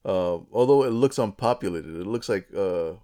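Low-voiced man recapping a cartoon. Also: clean tone. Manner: animated storyteller, quick asides, frequent laughter. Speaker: podcast co-host. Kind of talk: casual chat recapping a cartoon episode.

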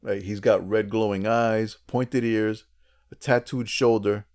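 A man with a fairly low voice hosts a relaxed podcast, walking through a cartoon episode scene by scene. He tells it in an animated, chatty way, full of asides. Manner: animated storyteller, quick asides, frequent laughter. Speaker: podcast co-host. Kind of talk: casual chat recapping a cartoon episode.

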